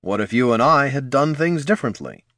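A man voicing a calm, detached male wizard who speaks in a level, matter-of-fact way. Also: mid-range voice, a little fast, no echo, studio quality, pitched above the performer's own voice.

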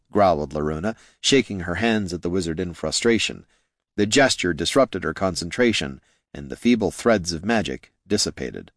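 Narrator: man, low voice with lively, swooping pitch; dry close sound; fantasy audiobook. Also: moderate pace, dry recording. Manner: expressive storytelling.

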